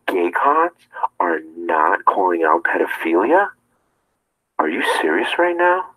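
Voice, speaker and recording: A low-voiced man rants at his viewers with a hard, pushing edge to his voice. He talks in a confrontational way and keeps firing rhetorical questions. His tone stays tense and insistent. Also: big pitch swings, slow, fairly bright tone, low-quality recording. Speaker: streamer. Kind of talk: ranting monologue to viewers.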